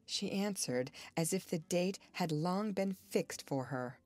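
Woman, audiobook narrator, low-pitched voice, measured even reading, scripted narration.

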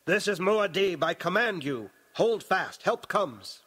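A man voicing a blinded young emperor who gives firm, calm commands, in a storybook reading. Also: medium pitch, a little slow. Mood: commanding. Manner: firm, commanding orders in a raised voice.

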